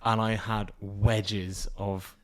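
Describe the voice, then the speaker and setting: A man's voice: fairly low pitch, flat delivery, drawn-out words, a bit bright. A young man co-hosting a podcast, telling a rambling family story with acted-out quotes. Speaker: podcast co-host. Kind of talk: casual storytelling chat.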